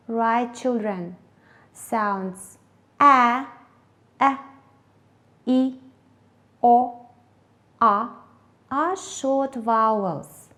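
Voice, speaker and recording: A woman leads an English lesson for young pupils. Her voice sits a little high and she talks very slowly, setting out every word with clear, deliberate care. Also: fairly bright tone. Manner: slow, clear, deliberate pronunciation drills. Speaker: English teacher. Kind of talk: classroom instruction. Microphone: TV lesson voice-over.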